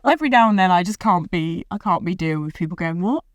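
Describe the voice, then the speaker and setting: A British woman hosts a casual podcast chat in a studio. Her voice sits slightly low and sounds dry and close to the mic. She rambles happily, filling her talk with likes and side tangents. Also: expressive, fast talker, no room sound. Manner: rambling, chatty, full of likes and laughs. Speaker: podcast host. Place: recording studio.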